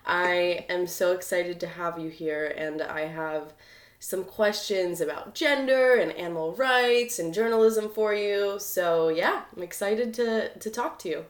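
A woman hosting a casual podcast interview, bubbly and quick to laugh. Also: on the low side, roomy sound. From United States. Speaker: podcast host.

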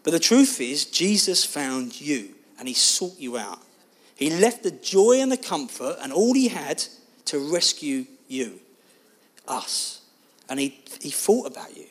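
A man preaching a sermon, telling a personal story in an animated, expressive way. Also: fairly high pitch, unhurried.

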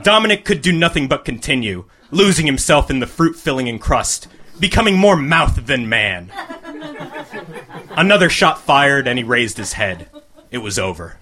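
A man reading a crude comic short story aloud to a live audience, with a deadpan delivery. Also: mid-range voice, normal speed.

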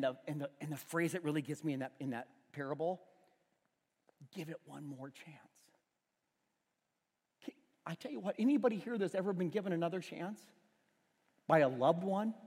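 A man's voice: sits high, slightly rough, big-room sound. A middle-aged male pastor preaching a sermon, telling a story about his son with self-deprecating humor in a church auditorium.

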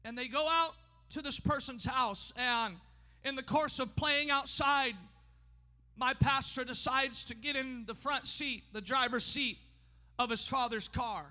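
High, bright-voiced preacher man shouting in a hall. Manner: emphatic, often shouting, pace swinging fast and slow. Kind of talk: sermon. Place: church sanctuary. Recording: long hall reverb.

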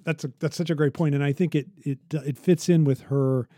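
A man co-hosts an academic podcast in a relaxed, conversational way. His voice is very dark and mellow, recorded dry and close. He talks in halting bursts with frequent restarts as he tells a story. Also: fairly high pitch, dry recording. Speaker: podcast co-host.

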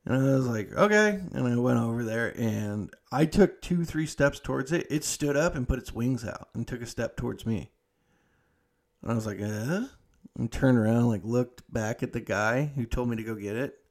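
A young adult man hosting a podcast, telling a story in a loose, profane, animated way. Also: medium pitch, normal speed. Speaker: podcast host. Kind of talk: casual storytelling monologue.

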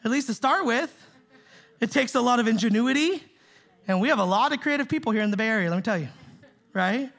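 A man's voice: very high-pitched, animated, fast, creaky, long pauses, fairly bright tone. A man preaching a sermon as pastor, emphatic and conversational, repeating key phrases and checking in with "right?" and "see?". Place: church in the Bay Area.

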